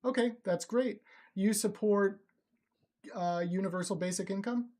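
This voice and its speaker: Brief: woman streamer, sharp incredulous debate questioning, live stream. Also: medium pitch, measured pace. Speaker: streamer host.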